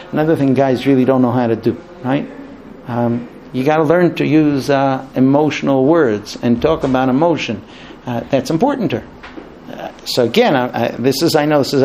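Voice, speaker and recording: Animated man teaching a marriage class. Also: mid-range voice, a little fast, slight background noise. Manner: animated, acts out both sides of dialogues. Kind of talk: lecture to a class.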